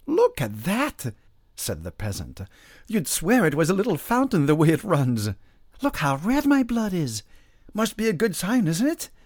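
A man voicing a simple male peasant in a storybook reading, speaking with a high, excitable rustic bravado. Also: normal speed, hardly any pauses, breathy edge, dry recording, studio quality, exaggerated voice. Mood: boastful. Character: simple male peasant, boastful then frightened.

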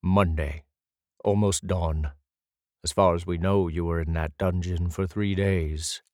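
A man doing a grave, steady male rescuer. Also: low voice, measured pace, no echo, clean studio sound. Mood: calm. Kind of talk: audiobook character voice.

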